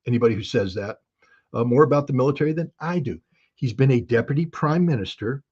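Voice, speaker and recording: Man, husky voice, folksy emphatic commentary, dull lo-fi sound. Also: medium pitch, lively intonation, fast talker, darkish tone. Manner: folksy, emphatic, uses analogies and acted quotes. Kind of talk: casual spoken analysis.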